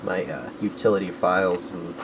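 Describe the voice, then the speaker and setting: A man's voice: low-pitched, fairly even intonation, normal speed, background noise. A man rambling casually in a vlog about his collecting finds, correcting himself often and dropping crude jokes. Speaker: video game collector vlogger.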